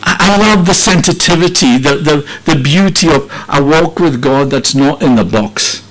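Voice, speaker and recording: A man's voice: fairly high pitch, moderate pace, a bit bright, poor audio. A middle-aged man preaching an earnest, heartfelt sermon, often repeating and restarting phrases.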